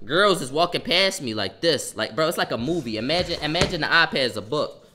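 Sharp-voiced young man ranting on stream. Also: on the high side, a little fast. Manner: animated, profane, reacting to chat while talking. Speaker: livestreamer telling a story. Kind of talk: casual storytime on a livestream.

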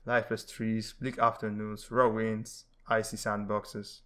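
A man's voice: lowish voice, little pitch movement, measured pace, sharp tone. A man reading the lines of a lazy, sarcastic fat male cartoon cat in a dry, sardonic manner, close to his own voice. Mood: deadpan.

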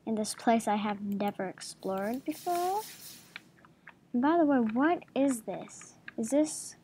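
A woman's voice: fairly high pitch, expressive, takes it slowly, warm tone, slight background noise. A woman hosting a gaming channel, giving playful, giggly gameplay commentary at her home computer and chatting to the game's creatures.

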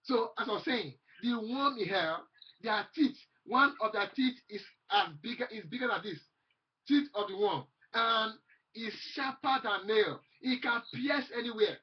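A preacher delivers a fervent sermon, his husky, high-pitched voice unhurried as he repeats phrases and quotes scripture aloud. The recording is dull and lo-fi.

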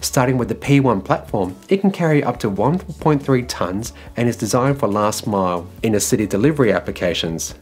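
A man's voice: mid-range voice, animated, fairly quick, hardly any pauses, darkish tone, faint music behind. A man from Australia hosting an electric car news show, reading his script in a loose, casual way and filling gaps with "like" and "well". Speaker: EV news host.

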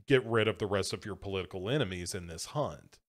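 A man's voice: low-pitched, quick pace. A man co-hosting a movie podcast, walking through a film's plot step by step with frequent "um" and "like". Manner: methodical plot recap, hesitant fillers and restarts. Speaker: podcast co-host. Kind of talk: casual movie chat.

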